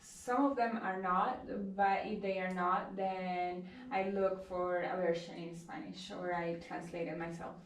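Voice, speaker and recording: A woman's voice: fairly low pitch, fairly even intonation, unhurried, hardly any pauses. A woman social worker giving brief, plain answers with some hesitation. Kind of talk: interview answers. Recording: echoey room from a distance.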